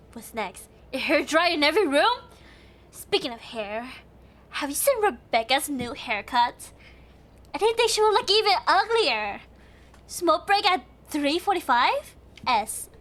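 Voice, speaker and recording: A woman's voice: high voice, fairly bright tone. A young woman streaming a game, thinking aloud in casual chat, giggly and chatty. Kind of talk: casual live game commentary.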